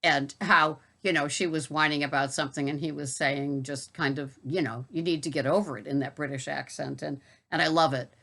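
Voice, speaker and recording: Low-voiced chatty woman vlogger. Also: steady tone, normal speed, gravelly, hardly any pauses, pushed and bright. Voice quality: rambling, chatty, with frequent asides and fillers. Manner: wry and exasperated. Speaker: gig-work shopper and channel host. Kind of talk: casual monologue to camera.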